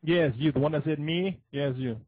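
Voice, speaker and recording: A man hosting a call-in show, chatting casually with callers in an excitable, joking way. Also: a little high, normal speed, breathy edge, dry recording, phone-quality sound.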